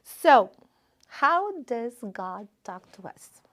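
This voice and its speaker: Slow-speaking woman in her fifties. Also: a little high, big pitch swings. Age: 50s. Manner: unhurried, personal storytelling with gentle humor. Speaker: spiritist lecturer. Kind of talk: informal spiritual talk. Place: lecture room at a spiritist center.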